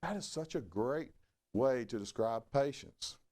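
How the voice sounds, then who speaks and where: A middle-aged man preaching a sermon in a folksy, conversational way. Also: measured pace. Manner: folksy, conversational preaching with lively swings in pitch. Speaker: pastor.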